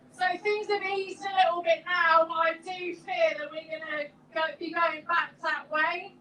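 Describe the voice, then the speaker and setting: A woman's voice: very high voice, pushed and bright. A woman organiser giving an earnest speech at an outdoor rally. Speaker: community group organiser. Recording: echoey, distant outdoor pickup with faint noise.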